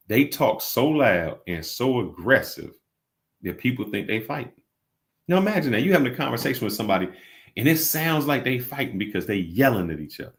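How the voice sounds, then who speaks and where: A man's voice: medium pitch, brisk. A man co-hosting a casual reflective chat, telling stories and acting out the people in them. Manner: animated storyteller, acts out quotes. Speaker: vlog co-host.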